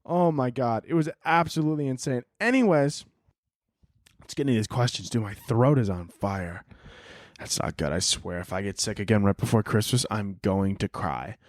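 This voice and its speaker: A man's voice: on the low side, normal speed, no echo, clean studio sound. A man in his twenties hosting a solo podcast, ranting casually with lots of swearing. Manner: profane, animated, ranting. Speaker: podcast host.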